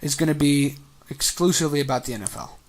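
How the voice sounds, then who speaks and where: A man's voice: on the high side, fast. A man co-hosting a casual sports podcast, rambling and joking with sarcastic asides. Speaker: podcast co-host.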